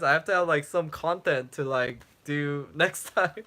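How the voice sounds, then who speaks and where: A man's voice: fairly high pitch, measured pace, pushed and bright. A young man, a travel vlogger, chatting casually on a livestream, answering viewer questions with lots of fillers, and his voice is getting worn out. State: losing his voice, clearing throat. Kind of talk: casual live-stream chat.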